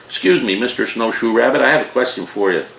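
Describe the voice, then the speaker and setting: A man's voice: medium pitch, animated, fast, creaky, fairly bright tone, echoey room, slight background noise, low-quality recording. A man in his sixties voicing a big old male bear in a joke he tells, speaking with stiff, formal politeness. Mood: polite.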